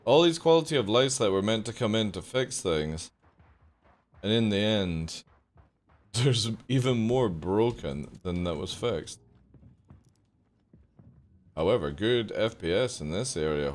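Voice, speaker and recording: A man's voice: fairly low pitch, expressive, measured pace, long pauses. Young guy streaming a game, chatty and sweary, voice bounces all over the place. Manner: profane, joking, talks to chat. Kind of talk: casual live gameplay chat.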